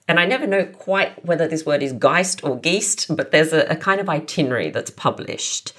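A woman's voice: deep voice, a bit bright. A woman author talking history as a podcast guest, thoughtful and explaining at length with many asides. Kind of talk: podcast interview.

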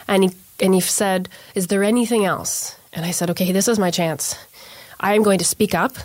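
In an interview, a young woman at medium pitch earnestly tells the story of her experience, acting out the dialogue of the people involved. The audio has no echo.

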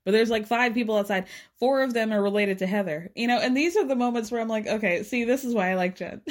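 A woman's voice: on the high side, brisk. A woman hosting a podcast, recapping a show in a chatty, sarcastic way with frequent laughs. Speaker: podcast host. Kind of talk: casual recap chat.

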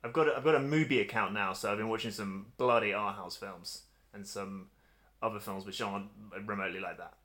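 A man's voice: fairly low pitch, a little fast, a bit bright. Man giving wry opinions. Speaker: podcast co-host. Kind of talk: casual chat.

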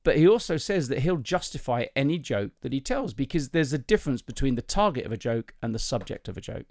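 A man tells comic stories from his stand-up life, stopping and restarting with ums as he goes. His voice has a gravelly fry to it. The sound is dry and close, with no room in it. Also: medium pitch, very animated, a little mellow, no room sound. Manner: chatty anecdotal storyteller, self-mocking, halting with ums. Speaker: comedian and podcast host. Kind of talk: casual storytelling chat.

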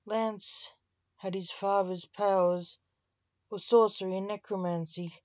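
Slow, measured woman reading a story. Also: mid-range voice, steady tone, a little mellow, no room sound, lo-fi sound. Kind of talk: scripted story narration.

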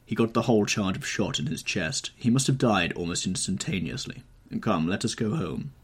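A man's voice: fairly low pitch, expressive, moderate pace, breathy edge. A man voicing a worldly, cynical older aristocrat who speaks in a dismissive, urbane way. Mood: airy.

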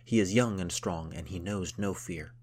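A man's voice: low voice, normal speed, a little mellow, husky. A man voicing an anxious, deferential farmer father who speaks hesitantly and courteously. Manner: hesitant, courteous, eager to please.

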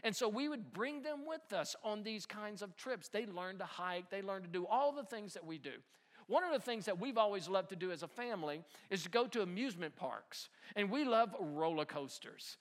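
A middle-aged man preaching a sermon, telling a family story with animated energy and laughter, then dropping soft and low to drive home the point. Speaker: pastor.

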